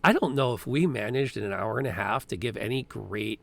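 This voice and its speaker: A man's voice: lowish voice, a little fast, creaky. A man co-hosting a casual live-streamed chat, speaking in an earnest, reflective way as he sums up advice. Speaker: podcast co-host.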